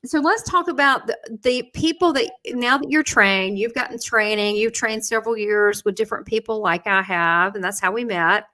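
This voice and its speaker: A woman with a bright, sharp voice hosts a live online chat, recorded over a video call. She talks about her work as a medium in lively anecdotes, full of quoted dialogue and restarts. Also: medium pitch, normal speed, hardly any pauses. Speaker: host and spiritual medium.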